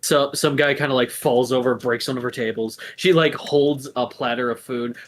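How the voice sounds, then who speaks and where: A man's voice: medium pitch, fairly even intonation, normal speed. Man, game master, rambling with fillers, faint background noise. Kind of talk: narrating a tabletop game stream.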